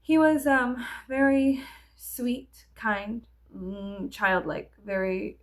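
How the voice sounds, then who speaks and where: A woman vlogger at home telling a personal story in a casual, rambling way with many fillers and halting restarts. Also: a little high, flat delivery. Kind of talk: casual storytelling while getting ready. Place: at home with animals nearby.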